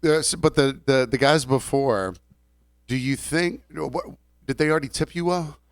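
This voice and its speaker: A man's voice: mid-range voice, measured pace, smooth, no echo, clean studio sound. A man with a Southern American accent co-hosting a casual podcast chat, chiming in and laughing along at his co-host's story. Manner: laughs along, chimes in with short reactions. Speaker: podcast co-host.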